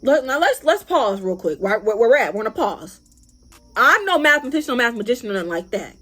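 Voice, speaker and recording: A young woman telling a story to her vlog audience in an animated, profane, casual way. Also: fairly high pitch, fast, soft background music. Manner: animated, profane, acts out other people's lines. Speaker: vlogger.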